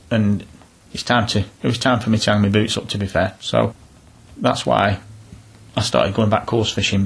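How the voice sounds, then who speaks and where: Middle-aged man, husky timbre, chatty and unpolished, interview guest. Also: lowish voice, fairly bright tone. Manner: chatty, down-to-earth, rambling with restarts. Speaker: interviewee, angler. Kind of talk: casual storytelling interview.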